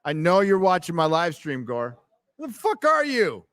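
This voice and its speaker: A man's voice: high-pitched, huge pitch swings, moderate pace, a bit bright. Loose, profane man hosting a livestream. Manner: loose and profane, laughs often, reads chat aloud. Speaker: livestream host. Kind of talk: casual livestream chat reading donations. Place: fandom bar.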